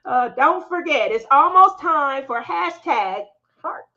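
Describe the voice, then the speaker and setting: The audio is dull, and this craft channel host speaks slowly with long pauses in an expressive, pushed, bright voice. She's a middle-aged woman chatting with her live stream viewers, laughing a lot and doing family members' quotes in higher voices.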